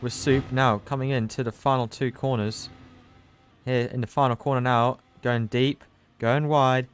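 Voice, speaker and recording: A man giving live commentary on an online racing qualifying session, chatty and loose, surging with excitement at the big moments. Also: medium pitch, moderate pace, faint music behind. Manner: loose, chatty, with restarts and asides. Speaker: race commentator; team manager. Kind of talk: live esports race commentary.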